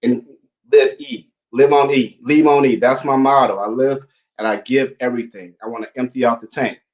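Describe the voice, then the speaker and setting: A man's voice: mid-range voice, lively intonation, normal speed, darkish tone, muffled recording. A man hosting a casual chat, telling earnest motivational stories. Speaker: podcast host.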